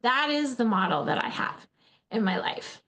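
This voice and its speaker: A woman's voice: a little high, animated, normal speed, a bit bright. A woman in her forties from Alaska giving an earnest motivational talk, often calling her listeners friends and repeating words as she goes. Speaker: host, faith-based speaker.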